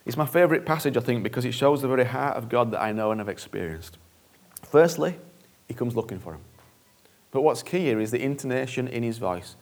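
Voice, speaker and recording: A man's voice: mid-range voice, lively intonation, a little fast. A male preacher giving an earnest, conversational sermon that often repeats phrases for emphasis.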